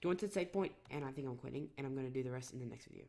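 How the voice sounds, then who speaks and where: Brief: man gamer, casual rambling let's play talk, mid pitch, desk mic. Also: rapid-fire, gravelly, darkish tone, slight background noise. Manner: rambling, lots of self-corrections and fillers.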